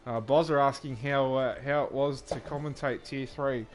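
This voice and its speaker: A man's voice: mid-range voice, normal speed. Australian male co-commentator, dry humour, easygoing, many ums. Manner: relaxed, dry banter, filler-heavy. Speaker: sim racing commentator. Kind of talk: casual live commentary.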